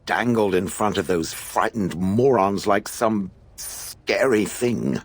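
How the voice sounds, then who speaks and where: Scornful ancient stone golem for a game; dry, mocking, lively swoops in a very low voice. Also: male voice, slow pace, no room sound, heavily acted. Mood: sardonic. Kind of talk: video game dialogue.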